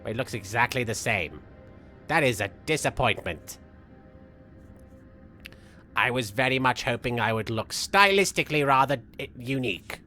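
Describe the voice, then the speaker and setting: Bright sharp villain guy, as a streamer puts him on, theatrical and goofy, game music faint underneath. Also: medium pitch, lively intonation, normal speed, pauses often. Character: theatrical, vain, mock-menacing male villain persona. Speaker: streamer voicing a cartoon villain persona. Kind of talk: live game stream chat with in-character banter.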